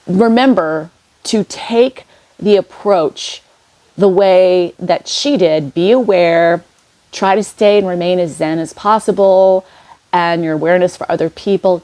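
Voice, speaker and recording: A woman speaks in a casual, meandering way about spiritual lessons, her voice sitting a little low. She pauses often, restarts her sentences and fills gaps with ums and you-knows, sounding like an unscripted vlog. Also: dark tone. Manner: rambling, many fillers and restarts. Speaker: spiritual vlogger. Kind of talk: casual inspirational monologue.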